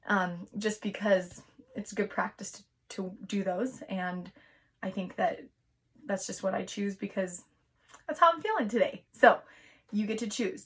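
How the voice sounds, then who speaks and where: A woman teacher with a mid-range voice gives a recorded lesson to young children, sounding out words slowly in a patient, encouraging manner.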